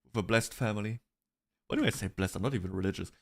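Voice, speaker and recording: A man's voice: fairly low pitch, fast, gravelly, breathy edge. A man streaming, chatting casually about online drama in a rambling way, with restarts and bursts of laughter.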